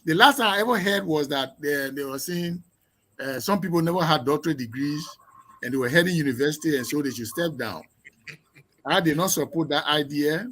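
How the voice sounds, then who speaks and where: Answering interview questions, an education professor from Liberia lectures emphatically and unleashes runs of rhetorical questions. His slightly high voice shifts sweepingly in loudness and pace, now loud, now soft, now quick, now slow.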